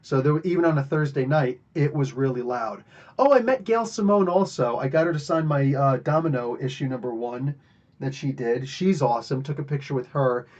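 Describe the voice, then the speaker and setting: A man's voice: medium pitch, moderate pace, a little mellow, lo-fi sound. A man from New Jersey hosting a podcast, talking casually and rambling with lots of fillers. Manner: rambling, chatty, many fillers. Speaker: podcast host. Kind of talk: casual monologue.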